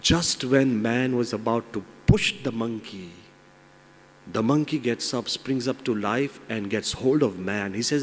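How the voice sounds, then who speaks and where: A man's voice: mid-range voice, a little slow. Man telling a moral story in a hall. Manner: animated storyteller. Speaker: monk giving an inspirational talk. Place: large seminar hall. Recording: long reverb in large hall.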